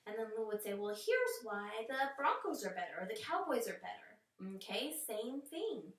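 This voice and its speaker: A woman's voice: fairly high pitch, sing-song, normal speed, fairly bright tone, slight background noise. Patient teacher woman, roomy and distant. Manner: encouraging and patient, stretching out words. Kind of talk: online reading lesson for children. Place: home. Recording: roomy echo, voice away from the mic.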